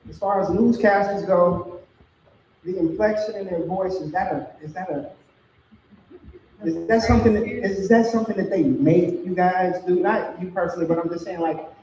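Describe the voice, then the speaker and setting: A man's voice: high-pitched, fairly even intonation, moderate pace, darkish tone, distant mic, a little hiss or hum. A man in the audience asking a question hesitantly, apologizing and restarting. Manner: hesitant, apologetic, repeats himself. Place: large hall event. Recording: very echoey muffled hall from afar.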